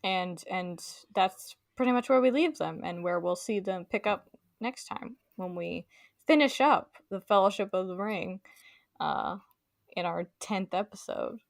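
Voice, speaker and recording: A woman's voice: mid-range voice, a little slow, vocal fry, no room sound, clean studio sound. A woman co-hosting a casual book discussion podcast, chatty with many fillers and playful quoted voices. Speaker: podcast co-host.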